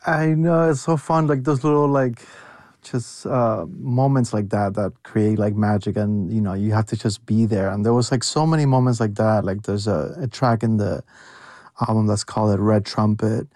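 Young male guest, enthusiastic, filler-heavy, mid pitch, dry close sound. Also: moderate pace, a little mellow, dry recording. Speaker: guest producer. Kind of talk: casual interview chat.

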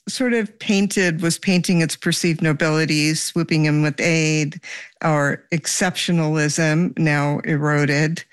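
Woman, host, slow pace, measured, probing questions, dry recording. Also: sits low, clean tone, no room sound. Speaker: interviewer host. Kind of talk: interview questions.

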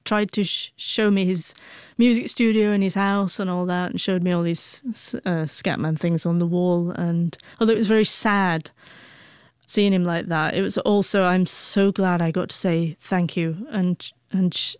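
Woman in her forties, stutters with sound blocks, smooth resonant voice, dry close sound. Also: on the low side, steady tone, normal speed, a little mellow, dry recording. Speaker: guest, author. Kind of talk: emotional personal recollection.

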